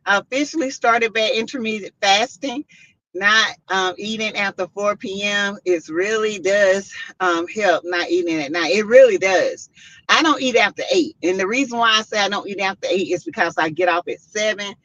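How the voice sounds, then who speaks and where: A woman's voice: medium pitch, normal speed, a bit bright, no room sound. A middle-aged woman, hosting a casual livestream and chatting while greeting her viewers by name. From South Carolina. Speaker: livestream host. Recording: dull lo-fi livestream audio.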